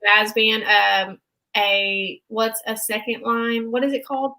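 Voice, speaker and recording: A young woman, co-hosting a casual recap chat in an excitable, animated way. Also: a little high, a little slow, low-quality recording. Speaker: podcast co-host.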